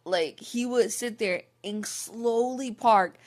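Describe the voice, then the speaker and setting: A young adult woman vlogger speaks slowly in a voice on the high side, telling the camera a personal story. Her candid monologue meanders, sounds frank and exasperated, and is filled with "like" fillers.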